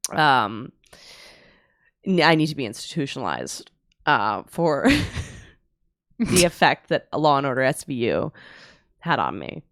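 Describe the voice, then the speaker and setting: Animated laughing woman telling a story. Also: low-pitched, dry recording, clean studio sound. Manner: animated, laughing often, acts out quotes. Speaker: comedy podcast co-host. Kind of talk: comic storytelling. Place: apartment.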